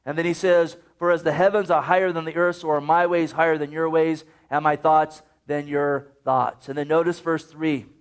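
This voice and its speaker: High-voiced earnest male preacher. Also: level tone, normal speed, hardly any pauses, clean tone. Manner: earnest, urging, scripture-quoting. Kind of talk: sermon.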